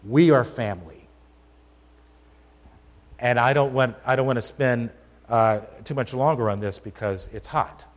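A man delivers a sermon in a church sanctuary, speaking in a conversational but emphatic way. He often turns questions to the congregation. His voice sits at a middle pitch for a man, and it carries a long hall reverb. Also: unhurried, long pauses. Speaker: pastor.

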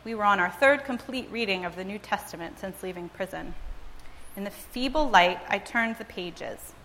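A woman's voice: mid-range voice, pushed and bright, a little hiss or hum. Woman reading aloud in a reverberant hall. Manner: measured, dramatic storytelling. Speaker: reader and speaker. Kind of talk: expressive first-person book reading. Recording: long reverb, as in a large hall.

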